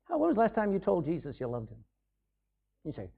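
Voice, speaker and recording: A man's voice: high-pitched, big pitch swings, fairly quick, gravelly, breathy edge. A man preaching a sermon in a conversational way, acting out scenes in different voices. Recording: tinny phone-like sound.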